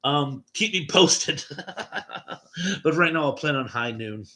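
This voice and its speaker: A man's voice: a little high, lively intonation, slow pace, bright, forceful tone. A man hosting a late-night livestream chat, reading viewer comments aloud and chuckling at them between replies.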